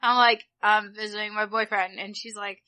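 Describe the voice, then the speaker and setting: A woman's voice: mid-range voice, normal speed, clear, resonant tone. A woman in her twenties, a podcast co-host, telling stories in casual chat and acting out the people she quotes. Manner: animated storytelling, acts out quoted voices.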